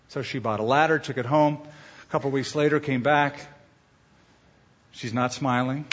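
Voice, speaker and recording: A man's voice: mid-range voice, fairly even intonation, moderate pace, pauses often, fairly bright tone. A male pastor giving a conversational sermon with humor, repeating his tips for emphasis. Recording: dull echoey hall sound.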